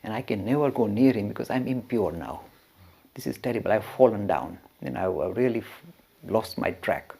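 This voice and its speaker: Man doing a young male disciple, ashamed, self-reproaching, husky, pitch rising and falling. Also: big pitch swings, moderate pace, a little mellow. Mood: dejected.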